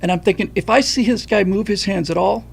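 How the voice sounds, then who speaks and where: A man with a husky, gravelly voice pitched fairly high tells a personal story on his livestream. His delivery is animated and full of profanity. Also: a little fast. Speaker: livestream host.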